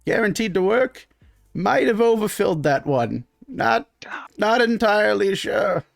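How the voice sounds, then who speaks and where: A man's voice: high voice, expressive, measured pace, gravelly, dry recording, studio quality, soft background music, voice pushed up, full character voice. A man voicing a scatterbrained male merchant who fusses at his pet squid in a flustered, distracted way. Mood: breezy. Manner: flustered, fussing, easily distracted.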